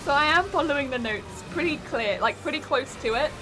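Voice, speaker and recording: While streaming a game, a woman recovering from a migraine chats casually, giggly and talkative, greeting viewers as she plays. Her high voice is animated and a little fast, with music in the background.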